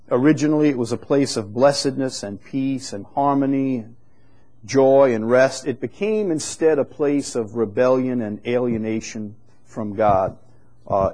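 Guy preaching a sermon, easygoing teaching voice, gets louder reading scripture. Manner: unhurried, conversational teaching with frequent restarts; rises in pitch and volume when reading scripture aloud.

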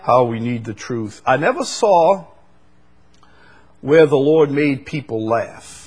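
A preacher in mid-sermon, a man whose voice sits at an ordinary pitch with a husky, slightly breathy grain. He climbs sharply when he quotes scripture, then drops back to plain talk, often stumbling over repeated words. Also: animated, takes it slowly, darkish tone. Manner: emphatic rises on scripture quotes, stammered repeats.

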